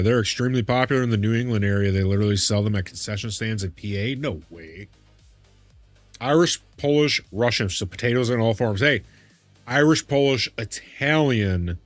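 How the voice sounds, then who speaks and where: A man's voice: on the low side, no room sound. A man streaming a game live, chatting casually with viewers in a chummy way and calling them big man. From Midwest US. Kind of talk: casual live-stream chat while gaming.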